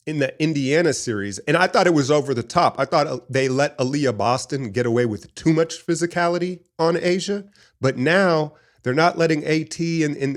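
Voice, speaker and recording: A man hosting a casual basketball talk show, rambling and opinionated in an animated fan's way. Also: medium pitch. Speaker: sports podcast host. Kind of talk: casual sports commentary.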